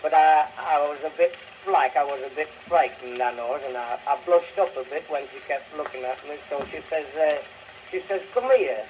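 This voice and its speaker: A man's voice: fairly high pitch, fairly quick, a little mellow, slight background noise, poor audio. A man with a Northern English accent delivering a bashful comic monologue, chuckling often, on an early gramophone recording. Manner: bashful, chuckling through his lines. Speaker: music hall comedian. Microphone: early acoustic gramophone recording.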